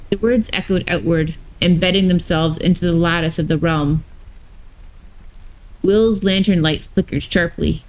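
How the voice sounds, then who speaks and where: A woman streamer reading a story aloud live, slow and measured, with brief asides to her chat. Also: on the low side, a little mellow, rough recording.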